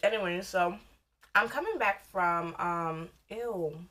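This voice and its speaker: A woman's voice: lowish voice, takes it slowly, sharp tone. A young woman, chatting casually and rambling while she eats for a mukbang vlog. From United States. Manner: rambling, loose and candid, talking while eating. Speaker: vlogger.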